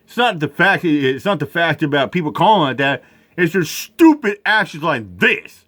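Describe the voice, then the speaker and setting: A man's voice: a little high, very animated, normal speed, fairly bright tone. A man giving profane, outraged commentary while reacting to news footage.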